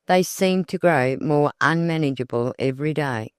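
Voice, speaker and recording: A gently fussing, motherly aunt in an old-fashioned audiobook tale, read by the narrator. Smooth, clear delivery in a dry, close recording. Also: medium pitch, normal speed, no room sound, natural voice. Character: motherly aunt, Mrs White.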